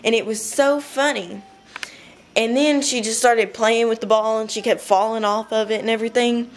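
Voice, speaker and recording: A young woman casually telling a rambling story to her webcam at home, chatty and giggly, with quick bursts. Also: fairly high pitch, fairly even intonation, soft background music. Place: home room.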